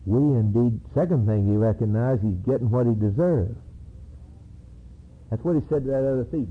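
A male preacher delivers an emphatic, dramatic sermon, his voice carrying a raspy, breathy texture at a middling pitch. The recording is narrow and tinny, like a phone line. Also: normal speed. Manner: dramatic, emphatic preaching that acts out scripture cries.

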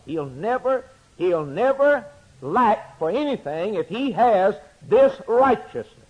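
A man preaching a sermon, swinging between loud emphatic declarations and hushed, quiet asides. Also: fairly high pitch, slightly rough, poor audio.

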